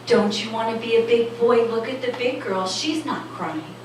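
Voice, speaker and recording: A woman voicing a young mother coaxing her frightened child in a soft, sing-song way. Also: a little high, lively intonation, slow. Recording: echoey club from far off, noisy.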